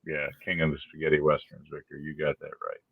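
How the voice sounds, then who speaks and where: A man with a very low voice co-hosts a relaxed live chat show and greets viewers by name. The sound is dry and a little dull, as if captured on a modest mic. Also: fast, no room sound. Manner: laid-back, chatty, greets viewers. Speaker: podcast co-host.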